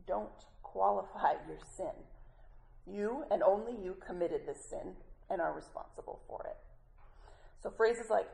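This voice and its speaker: A woman teaching a women's Bible study, chatty and warm with the group, laughing between points and often correcting herself mid-sentence. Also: lowish voice, vocal fry, rough recording.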